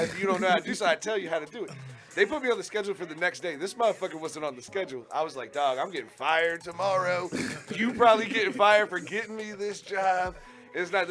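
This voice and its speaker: A man in casual radio chat tells a rowdy story, his voice sitting a bit high and full of swearing and quick laughs. Faint music plays underneath. He jumps into loud, animated voices when he quotes people. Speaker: radio show host.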